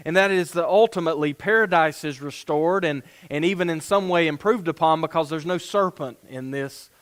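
A man's voice: on the high side, brisk, fairly bright tone. A man preaching a sermon and reading scripture aloud, earnest and given to restarting phrases. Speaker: pastor.

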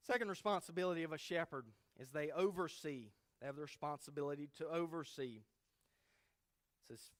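A man's voice: on the high side, fairly quick. A man preaching a verse-by-verse sermon who teaches emphatically and often checks in with his listeners by asking "okay?". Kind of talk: expository sermon.

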